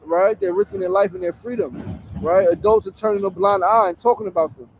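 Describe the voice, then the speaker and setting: High-voiced, blunt New man in his 40s. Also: brisk, slight background noise. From New York. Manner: blunt, profane street talk. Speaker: show host. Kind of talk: outdoor livestream talk. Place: in a tent on a city street. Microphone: phone streaming.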